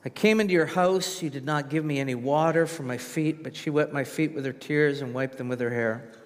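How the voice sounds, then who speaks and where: A man reading a calm earnest teacher. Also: a little high, fairly quick, natural voice. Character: calm male teacher rebuking a host. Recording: reverberant hall.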